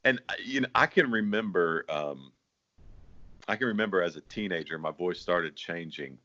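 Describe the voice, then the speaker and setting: Low-voiced host guy, friendly chatty, kinda dull sound. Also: lively intonation, normal speed, sharp tone. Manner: friendly, laughs easily, agrees often. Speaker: host, bass singer. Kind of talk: casual interview chat.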